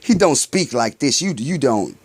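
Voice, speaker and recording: A man giving a casual spiritual monologue in loose, slangy talk. He poses rhetorical questions and answers them himself, and drifts between loud bursts and low mutters. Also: sing-song, a little slow, slightly rough. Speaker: spiritual vlogger.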